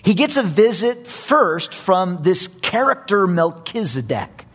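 Man, high voice, preacher, sermon, animated storytelling, repeats words for emphasis. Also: takes it slowly, husky.

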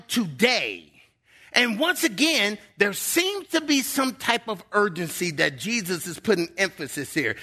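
A man's voice: high voice, sing-song, slow, pushed and bright. A middle-aged male pastor preaching a sermon in a church, emphatic and drawing out key words.

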